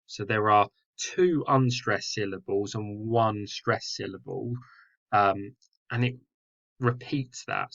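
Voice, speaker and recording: Guy teaching a poem, slow and low, kinda muffled lo-fi audio, lots of ums. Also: pushed and bright. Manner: explanatory, with fillers and self-corrections. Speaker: English teacher. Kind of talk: poetry lesson explanation.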